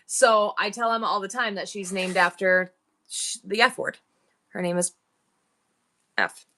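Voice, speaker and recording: A woman's voice: medium pitch, fairly even intonation, measured pace, bright, forceful tone. A woman hosting a live online sale, rambling through family stories while thanking viewers by name. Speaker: live-stream seller. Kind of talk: chatty live-sale banter.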